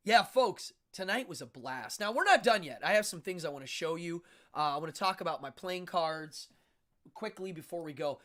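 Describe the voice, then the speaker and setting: A man's voice: a little high, fairly bright tone. A man from Pennsylvania, a stage magician, hosting a casual livestream and chatting with viewers in a loose, chuckling way. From Pennsylvania, USA. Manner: chatty, answers viewer comments, chuckles often.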